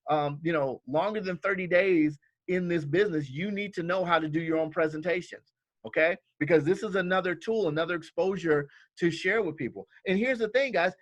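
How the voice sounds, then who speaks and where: A man's voice: on the high side, no room sound. A man training new team members in a casual, coaching way. He often checks in with "okay?" and acts out quoted lines in livelier voices. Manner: coaching, repeats "okay?" and "all right?" often.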